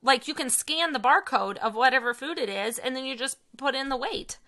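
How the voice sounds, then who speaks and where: A woman's voice: high voice, expressive, brisk, bright, forceful tone. A woman in her thirties chatting casually as a podcast co-host, enthusiastic and full of fillers. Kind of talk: casual chat.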